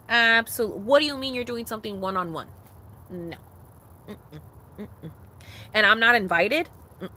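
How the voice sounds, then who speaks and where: A young woman vlogging in a casual rant, blunt and heavy on swearing, with emphatic repeated refusals. Her pitch sits in the middle of the range. A faint hum of traffic is heard behind her. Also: bright, forceful tone. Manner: blunt, profane, emphatic repetitions.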